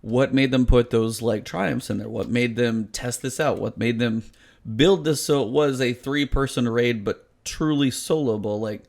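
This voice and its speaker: Gravelly man ranting on a gaming podcast. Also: mid-range voice, moderate pace, darkish tone. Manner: sarcastic, exasperated complaining. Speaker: podcast co-host. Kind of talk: casual gaming podcast chat.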